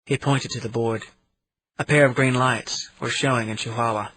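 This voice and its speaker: A man narrating an audiobook in the first person, in a steady reading manner. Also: medium pitch, normal speed, husky, rough recording. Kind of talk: scripted narration.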